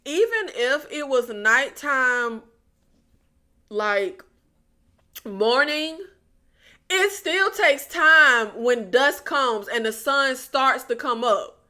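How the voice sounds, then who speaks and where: High-voiced woman recapping a show, slow and sarcastic, keeps asking y'all what's going on. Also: lively intonation, sharp tone. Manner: exasperated, sarcastic, rhetorical questions; addresses viewers as y'all. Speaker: TV recap vlogger. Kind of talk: casual episode recap.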